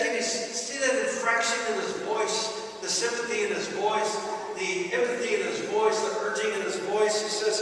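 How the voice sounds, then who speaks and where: A man's voice: sits high, fairly quick, sharp tone, slight background noise. A man preaching a sermon to a congregation, emphatic, repeating key phrases and calling out to the church. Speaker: pastor. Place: large church hall. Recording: echoey hall from far off.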